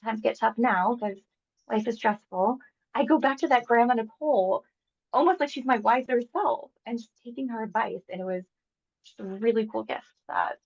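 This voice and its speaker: A woman in her thirties speaks openly and emotionally as an interview guest, wandering through her thoughts with plenty of filler words. Her voice has a gravelly, fried edge. The recording is somewhat dull and lo-fi. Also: a little high, normal speed. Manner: emotional, rambling with many likes. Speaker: hypnosis client guest. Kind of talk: candid conversational interview.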